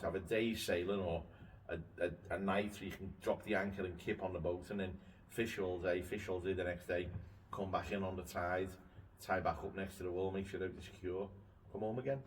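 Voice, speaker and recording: A man chatting casually and telling stories about his boat, swearing now and then. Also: low-pitched. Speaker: boat owner and show regular. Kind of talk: casual chat. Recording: distant mic with faint noise.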